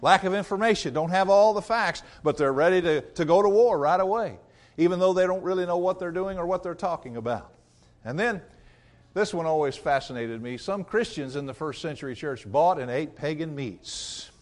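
A man's voice: a little high, moderate pace. A male preacher giving a sermon in an emphatic, conversational way and coming back to the same refrain again and again.

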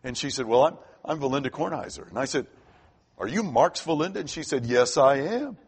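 Older male preacher, husky voice with a lot of rise and fall, chatty storytelling sermon. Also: medium pitch, animated, a little fast. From Florida. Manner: conversational, repeats words when starting sentences.

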